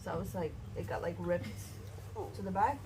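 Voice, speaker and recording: A woman recounting a scooter accident in a halting way, full of fillers. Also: lowish voice, background noise.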